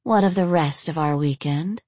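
A woman voicing a possessive, seductive female demon in a storybook reading, soft and assertive. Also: low-pitched, normal speed, dry recording.

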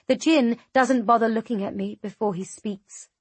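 A woman narrating a fantasy audiobook in the first person, measured and tense. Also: a little high, husky, no room sound.

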